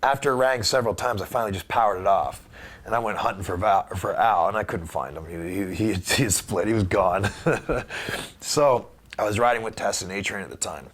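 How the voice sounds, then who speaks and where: A man being interviewed, telling a story in a casual, animated way and acting out the voices of the people in it. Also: fairly low pitch, brisk. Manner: animated anecdote teller who acts out quoted voices. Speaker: guest wrestler.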